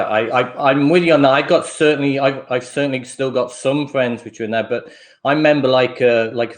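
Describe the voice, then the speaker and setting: An older man telling casual stories on a livestream chat, chatty and laughing easily. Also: mid-range voice. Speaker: livestream host.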